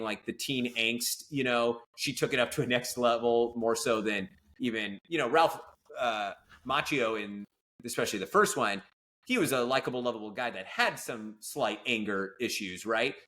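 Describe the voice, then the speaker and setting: A man's voice: medium pitch, pushed and bright. A man co-hosting a casual film podcast, talking enthusiastically and rambling through asides. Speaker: podcast co-host.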